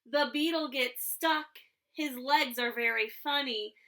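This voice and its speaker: A woman voicing an eager, insistent little girl who is excitable and obsessed with one book. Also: sits high, slow, heavily acted.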